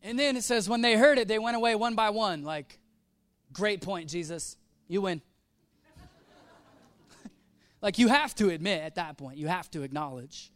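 A man's voice: high voice, fairly quick, a bit bright, clean tone, dry recording. A man preaching a sermon, telling a story with casual slang and acting out the quoted voices. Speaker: pastor.

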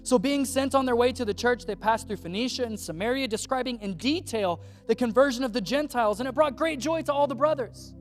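Pastor giving a sermon, casual and slangy, acting out scripture scenes, mid-pitched voice, soft music underneath. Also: fairly quick, few pauses. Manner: casual, slangy preaching that acts out biblical figures.

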